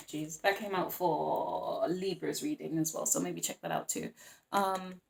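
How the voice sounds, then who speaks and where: A woman giving a casual tarot reading to her viewers, chatty and animated, acting out little scenes and laughing often. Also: deep voice, measured pace, creaky. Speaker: tarot reader.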